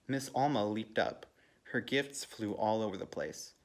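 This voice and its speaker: A man's voice: lively intonation, measured pace, a little hiss or hum. A man volunteering to read a children's picture book aloud, lifting his voice for the characters' lines. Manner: lifts pitch and volume for character quotes. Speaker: volunteer reader.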